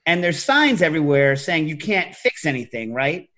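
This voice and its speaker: A middle-aged man hosting a podcast, telling stories in a casual, animated way and breaking into loud shouted impressions. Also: a little high, moderate pace. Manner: animated storytelling, mimics loud New York shouts. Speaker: podcast host. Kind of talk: casual chat.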